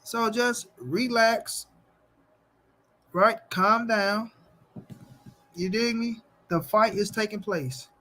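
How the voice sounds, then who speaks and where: High-voiced man chatting on a boxing livestream. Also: takes it slowly, pauses often, pushed and bright. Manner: slangy, repeats phrases, addresses chat directly. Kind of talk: casual livestream chat, reading viewer comments.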